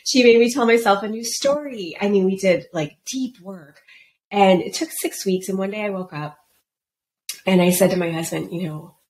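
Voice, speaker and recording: A woman's voice: mid-range voice, moderate pace, slight background noise. A middle-aged woman, a business coach, telling her story in a casual podcast interview and acting out the voices of the people she quotes. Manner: animated, acts out quoted voices.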